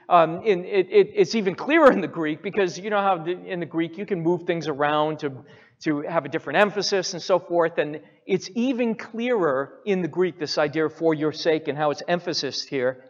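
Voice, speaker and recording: A man preaching a sermon as pastor, emphatic, repeating key phrases again and again. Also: a little high. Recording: reverberant hall, dull lo-fi sound.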